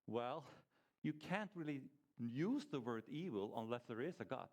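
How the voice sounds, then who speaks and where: A man's voice: medium pitch, expressive, moderate pace, darkish tone. A man giving an informal teaching talk to a small church group, conversational, asking the group questions as he goes and often restarting his sentences.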